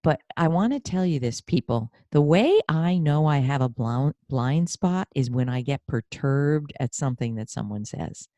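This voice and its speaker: A woman hosting a podcast interview as a career coach, effusive and animated, telling personal stories. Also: a bass voice, moderate pace, few pauses, no echo.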